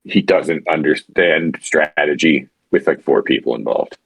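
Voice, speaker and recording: A man co-hosting a casual podcast chat, rambling and animated, with frequent restarts and swearing. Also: a bass voice, unhurried, gravelly, slightly rough, dry recording. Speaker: podcast co-host.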